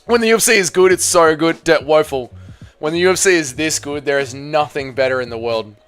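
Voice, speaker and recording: A man hosting a live fight watch-along stream, commentating excitably and with heavy swearing, yelling at the big moments and then talking drained and emotional. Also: on the high side, fairly quick, clean tone, faint music behind. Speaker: livestream host.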